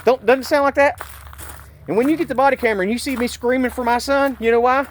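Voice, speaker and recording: A man's voice: extremely high pitch, steady tone, quick pace, slight background noise. A man, recounting a police stop in an agitated, indignant way and repeating himself. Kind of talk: angry personal vlog.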